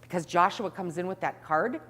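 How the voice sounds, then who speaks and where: A middle-aged woman telling a story to an audience in an animated way, acting out the scenes. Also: lowish voice, moderate pace, slightly rough, long reverb tail. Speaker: speaker.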